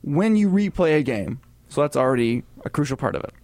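A man co-hosting a casual gaming podcast, talking in a chatty, rambling way with animated asides. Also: a little high, fairly quick, no room sound, clean studio sound. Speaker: podcast co-host.

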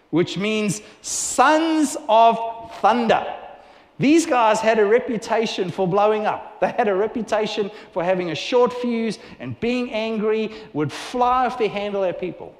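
Male preacher, fairly high voice, animated storyteller; roomy hall reverb. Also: measured pace. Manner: animated storytelling with acted-out dialogue. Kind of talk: sermon. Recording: echoey hall with long reverb.

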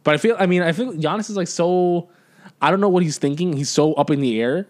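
Fast-talking man in casual sports chat. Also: fairly high pitch. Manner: fast, animated, swears casually. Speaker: podcast co-host.

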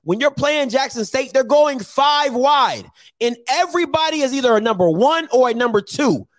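A man with a strikingly high voice that swings widely up and down argues football on a sports talk show. He is insistent and combative, repeating himself for emphasis. The sound is dry and close, with no room around it. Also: expressive, moderate pace, no room sound. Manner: argumentative, insistent, repeats points. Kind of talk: heated sports debate.

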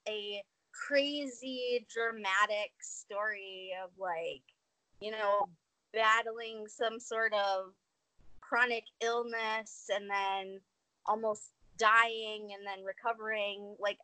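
A woman's voice: mid-range voice, bright, forceful tone, no echo. A young woman from Minnesota, a podcast guest, chatting casually, laughing often and full of fillers. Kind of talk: casual interview chat.

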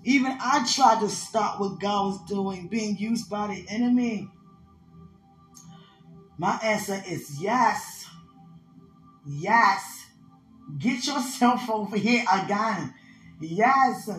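Ecstatic slow prayer in a roomy echo. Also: mid-range voice, lively intonation. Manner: emotional, laughing, swings from loud cries to hushed whispers. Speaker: person praying aloud. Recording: roomy echo with soft music.

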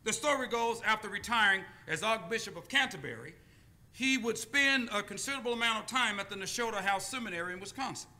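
Male preacher, high bright voice, storytelling sermon with call-and-response. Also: animated. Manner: call-and-response, deliberate pauses.

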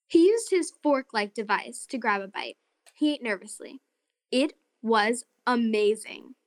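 A woman narrating a children's story and hosting a short segment, in an expressive, friendly way. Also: a little high, moderate pace, dry recording, studio quality.

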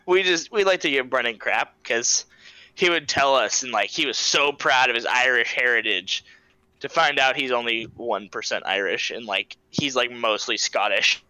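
A man's voice: mid-range voice, moderate pace, sharp tone, clear, resonant tone, dry recording, low-quality recording. A young man hosting a podcast, chatting casually, laid-back, swearing and laughing often. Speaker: podcast host. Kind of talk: casual chat.

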